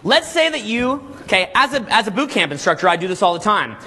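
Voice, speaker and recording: A man coaching a live seminar group, talking energetically and checking in constantly with "okay?" and "all right?", sometimes acting out quick scenes. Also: sits high, big pitch swings, over a noisy crowd. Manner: acts out little scenes in quick put-on voices. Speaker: dating coach and boot camp instructor.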